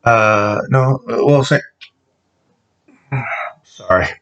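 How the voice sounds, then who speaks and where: A man delivering a deadpan comedic monologue, halting and full of ums and restarts. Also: mid-range voice, highs cut off.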